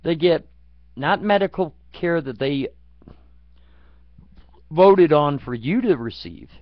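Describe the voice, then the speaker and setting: A man's voice: fairly high pitch, animated, slow pace, no echo. A man in a profane, angry political rant, swearing constantly and talking crudely. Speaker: vlogger. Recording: dull lo-fi dry recording.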